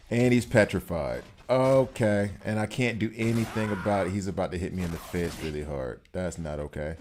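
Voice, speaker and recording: A man giving live commentary on a game he is playing, talking to the characters on screen and reacting out loud. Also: lowish voice, noisy background. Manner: excitable, talks to the game characters. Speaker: gaming streamer.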